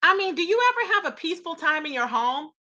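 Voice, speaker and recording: Bright, high-voiced woman dishing gossip. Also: fast talker, muffled recording. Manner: incredulous, animated, rhetorical questions. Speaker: commentary channel host. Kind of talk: live gossip commentary, reading chat.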